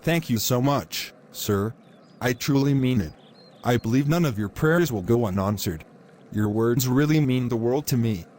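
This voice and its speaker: A man voicing a sly male tenant who flatters his landlord to his face and gloats about fooling him in private. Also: medium pitch, moderate pace, slight background noise, lightly acted. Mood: grateful. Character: scheming male tenant faking poverty, sly.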